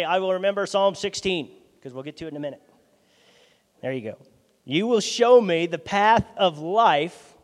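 A male pastor preaching a sermon in a lively, conversational way, his loudness swinging from soft asides to sudden bursts. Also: high voice. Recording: long hall reverb.

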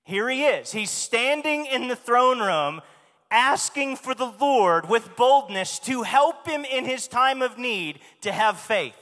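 A man's voice: very high-pitched, animated, slow pace, sharp tone. A man preaching a sermon in a church, speaking emphatically and asking the congregation questions. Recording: long hall reverb.

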